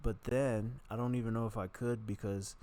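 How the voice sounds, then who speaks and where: A man's voice: mid-range voice, steady tone, normal speed, warm tone, slight background noise. A man in his twenties rambling and joking in a casual monologue. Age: 20s. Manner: joking, self-deprecating, meandering. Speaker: vlogger.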